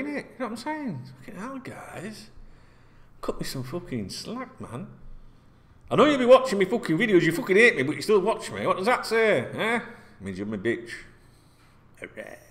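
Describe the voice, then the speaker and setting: A man's voice: fairly high pitch, a bit bright. A man, loose and rambling. He swears constantly and speaks bluntly, drifting from one topic to the next in a casual rant. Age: 40s. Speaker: football vlogger.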